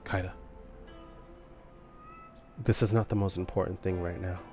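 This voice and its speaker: A stern female angelic leader, voiced by a man running a tabletop game, firm and commanding. The voice sits low. Clear music plays behind. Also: steady tone, measured pace, warm tone.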